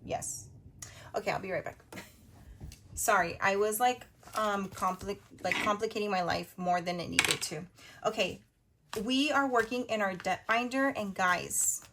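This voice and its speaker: A woman in her thirties hosting a budgeting video, chatting casually while she counts cash out loud. Her voice is going a little hoarse. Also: medium pitch, noisy background. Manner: chatty, counts money out loud, quick asides.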